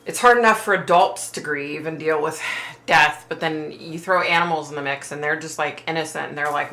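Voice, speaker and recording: A woman's voice: low-pitched, a little fast, pushed and bright. A woman hosting a casual livestream from home, reading viewer chat and answering in a chatty, sympathetic way with lots of fillers. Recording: roomy echo.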